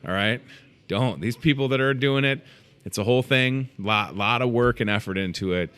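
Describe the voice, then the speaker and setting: A man in his thirties hosting a live morning show from inside a grocery store, chatty and excitable with joking asides. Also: mid-range voice, normal speed, clean tone. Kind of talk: casual live show chat.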